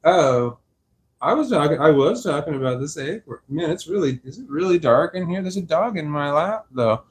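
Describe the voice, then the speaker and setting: A young man rambling slowly on a live stream from his sofa, tired and a little slurred, laughing often. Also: on the high side, lively intonation. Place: dark room on a sofa at home. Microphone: clip-on microphone.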